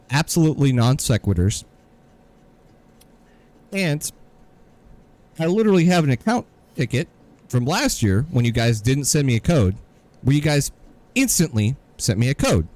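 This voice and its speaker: A man's voice: mid-range voice, lively intonation, a little slow, long pauses, darkish tone. A man co-hosting a podcast, telling a story in an exasperated, sarcastic rant. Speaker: podcast co-host. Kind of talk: casual ranting podcast chat.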